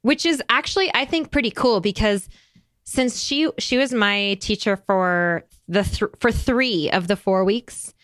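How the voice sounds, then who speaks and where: A woman hosting a podcast in casual conversation, chatty and animated, with lots of fillers and frequent laughs. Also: medium pitch, measured pace, dry recording. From United States. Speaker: podcast host.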